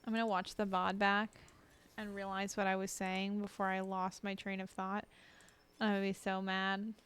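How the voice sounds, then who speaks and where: A sleepy young woman streams late at night from her desk mic, yawning as she chats in a rambling, self-deprecating way with a wandering train of thought. Her mid-range voice is monotone and moderately paced, slightly bright, clear and resonant.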